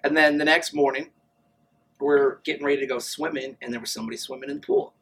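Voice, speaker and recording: A man's voice: fairly high pitch, sing-song, quick pace, creaky, fairly bright tone, husky, poor audio. A man telling stories casually as an interview guest, acting out the voices of the people he quotes. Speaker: guest, amateur triathlete.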